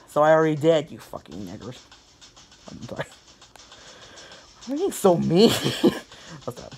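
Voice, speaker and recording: A young man giving casual let's-play commentary, excitable, laughing a lot and swearing. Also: fairly high pitch, takes it slowly, vocal fry, long pauses, a little hiss or hum. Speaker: gaming YouTuber.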